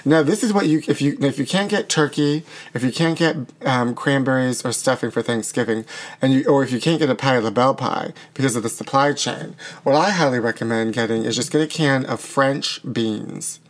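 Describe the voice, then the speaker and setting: A man co-hosting a casual comedy chat show, talking in a campy, sassy way and riffing quickly on his own jokes. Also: medium pitch. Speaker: podcast co-host.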